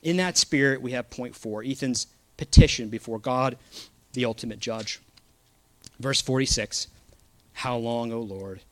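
A man's voice: medium pitch, moderate pace, a bit bright, no echo. A man preaching a sermon, earnest and emphatic, reading scripture aloud.

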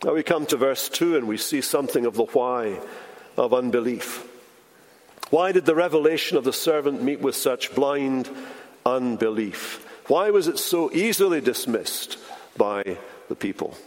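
A man preaching a sermon as pastor, emphatic, slowing down and dropping his voice for weight. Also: expressive. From Britain. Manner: emphatic, with dramatic slowdowns and drops in pitch. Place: large church sanctuary. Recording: church hall reverb.

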